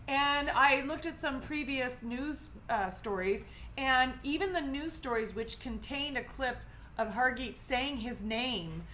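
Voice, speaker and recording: A woman's voice: high voice, measured pace, bright, forceful tone, a little hiss or hum. A woman co-hosting a podcast, chatting casually and sharing her own story. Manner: chatty, reflective, laughs easily. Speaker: podcast co-host. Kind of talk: casual chat.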